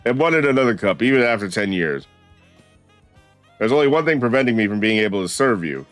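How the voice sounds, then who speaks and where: Man doing gracious old barista, shaky French accent, low voice, dry close sound, faint music under. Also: animated, fairly quick, no echo, lightly acted. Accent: attempted French. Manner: reading game dialogue aloud, polite and formal. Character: old male former cafe barista, gracious.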